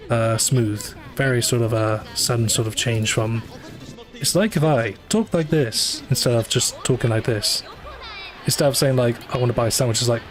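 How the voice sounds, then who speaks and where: Rambling casual male game streamer. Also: mid-range voice. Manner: rambling, many fillers and self-corrections, dry asides. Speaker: livestreamer playing a gacha game. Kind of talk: casual live commentary. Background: faint game music.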